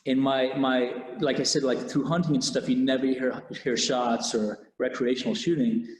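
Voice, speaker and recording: Cop guy telling his story, lots of restarts, middle pitch, echoey room. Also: steady tone, a little hiss or hum. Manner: candid, halting, with many restarts. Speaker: police officer. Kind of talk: personal story in an interview. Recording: echoey room with long reverb.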